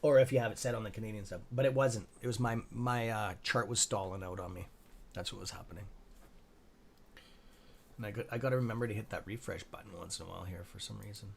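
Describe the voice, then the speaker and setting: Excitable, swearing trading-stream host, a man. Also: on the low side, fast talker, creaky, a little hiss or hum. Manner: excitable, profane, talks to viewers by nickname; mutters asides to himself under his breath. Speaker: stock trading livestream host. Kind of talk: live-streamed market commentary, reading chat.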